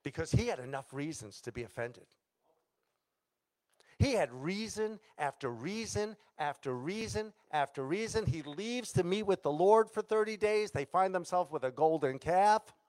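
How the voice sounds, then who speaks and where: A man's voice: high-pitched, expressive, normal speed, a little mellow. A male pastor preaching a sermon, telling a story dramatically and acting out the voices of the people in it.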